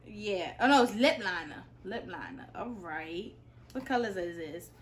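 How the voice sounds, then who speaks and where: A teenage girl opening gifts in a casual home vlog, breaking into loud, repeated excited exclamations. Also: fairly low pitch, a little slow, slight background noise, low-quality recording. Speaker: vlogger.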